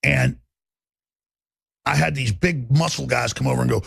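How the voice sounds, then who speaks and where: A man's voice: mid-range voice, normal speed, vocal fry, fairly bright tone, slightly rough, dry recording, clean studio sound. A man hosting a talk radio show, delivering a combative, emphatic monologue.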